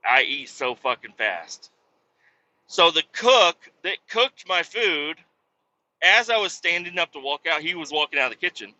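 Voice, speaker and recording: A man's voice: mid-range voice, pushed and bright, highs cut off. A man from Kansas City, telling rambling, profane, self-mocking stories while he drives his truck. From Kansas City, USA. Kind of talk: casual storytelling monologue while driving. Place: in a truck cab while driving.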